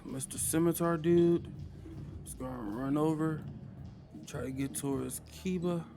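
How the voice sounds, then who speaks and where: A man's voice: fairly high pitch, unhurried, vocal fry, music in the background. A man, narrating a tabletop game as game master in a casual way, sighing and muttering to himself.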